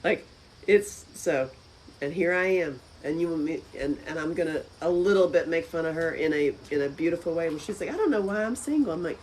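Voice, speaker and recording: A woman hosting a live stream from a friend's house, chatting casually with viewers, with loud exclamations and soft asides. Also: low voice, fairly even intonation, brisk, a little hiss or hum, poor audio.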